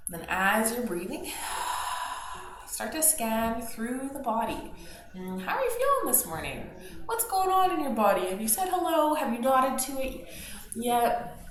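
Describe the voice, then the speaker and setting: A woman teaching a gentle yoga class, talking in an encouraging, conversational way. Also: medium pitch. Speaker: yoga instructor. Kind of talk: guided yoga class instruction. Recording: very echoey room with faint noise. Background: faint background noise.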